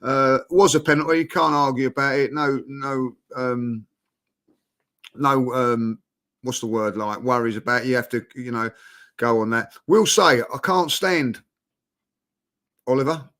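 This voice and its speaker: A man's voice: mid-range voice, unhurried, pauses often, a bit bright. A man, tired out, chatting bluntly and animatedly about football as co-host. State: exhausted. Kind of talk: casual football chat.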